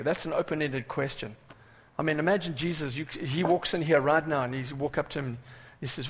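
A male preacher delivers an animated sermon, bursting into loud cries and then dropping to hushed asides. His voice sits a little high, and a long hall reverb trails every phrase. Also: moderate pace.

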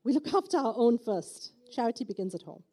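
A woman's voice: a little high, sing-song, fairly quick, dark tone. A middle-aged woman with a South African accent gives an emphatic church testimony, often checking in with the audience by asking "okay?". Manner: emphatic, with repeated rhetorical "okay?" asides. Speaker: church speaker giving testimony. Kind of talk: preaching testimony.

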